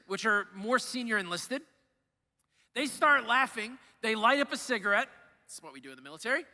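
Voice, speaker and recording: Man, young, priest, sermon, storytelling, high voice, church reverb. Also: sharp tone. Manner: conversational storytelling, acts out quoted lines. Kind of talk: sermon with personal stories.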